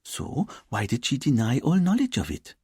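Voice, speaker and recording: A sharp, inquisitive woman detective, as a male narrator voices her. She probes with calm questions. Husky, dry delivery with a lively lift. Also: mid-range voice, normal speed, dry recording, pitched above the performer's own voice, full character voice. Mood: probing.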